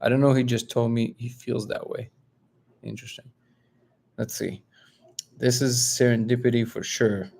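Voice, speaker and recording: A man's voice: normal speed, creaky, pauses often. Russian-born guy on a live stream, chatty, reads comments, goes way up when quoting people. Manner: animated storyteller, jumps up in pitch when quoting others. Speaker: live stream host reading viewer comments. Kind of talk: casual live chat and storytelling. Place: home, living in LA.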